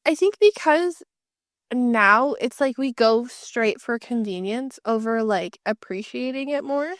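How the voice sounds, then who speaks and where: A woman co-hosting a casual podcast, her voice a touch high and recorded dry and close. She talks fast, laughs easily and builds playful runaway chains of ideas. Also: a bit bright, no echo. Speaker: podcast co-host.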